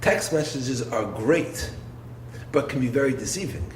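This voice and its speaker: A man, a rabbi, giving a Torah lecture in an expressive way, posing rhetorical questions and swinging from low, quiet phrases to raised ones. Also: measured pace. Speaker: rabbi and yeshiva head. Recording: roomy echo with faint background noise.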